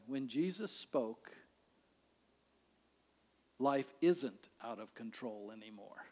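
A male pastor preaching a sermon in a conversational way, swinging between loud declarations and hushed lines. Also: fairly high pitch. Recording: dull sound with long hall reverb.

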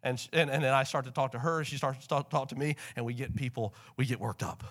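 A man preaching a sermon to a church congregation, animated, swinging between soft and loud passages. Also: medium pitch, quick pace. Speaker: pastor. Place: church sanctuary.

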